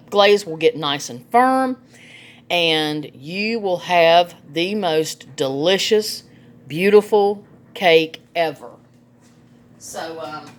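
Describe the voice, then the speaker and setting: Chatty woman, lower pitched. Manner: chatty, folksy, laughs often. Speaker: home cook, vlog host. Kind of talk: casual cooking demonstration. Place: home kitchen.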